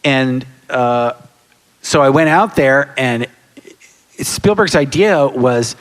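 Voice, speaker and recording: Animated man in his 60s telling stories in a hall. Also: medium pitch, slow. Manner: animated storyteller, acts out quotes and sound effects. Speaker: guest actor on a convention panel. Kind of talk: anecdote-telling on a live panel. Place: large hall with live audience. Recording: reverberant hall.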